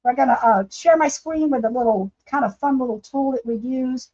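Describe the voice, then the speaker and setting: Bubbly woman painting on a livestream, kinda high voice, muffled lo-fi stream audio. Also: brisk, a little mellow. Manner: chatty, laughing, talks straight to viewers. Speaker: livestream craft host. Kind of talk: casual live-stream chat while painting.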